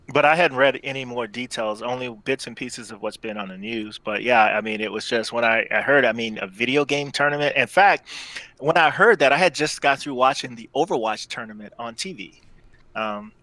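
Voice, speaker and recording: A man co-hosting a casual live show, explaining his views at length in a measured way. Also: mid-range voice, sharp tone, no room sound, poor audio. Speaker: podcast co-host. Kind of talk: casual livestream chat.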